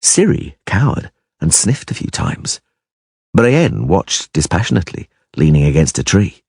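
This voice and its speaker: A man reading a fantasy audiobook with an expressive, varied delivery. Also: sits low, measured pace, gravelly, breathy edge, no echo, clean studio sound. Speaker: audiobook reader. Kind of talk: audiobook narration.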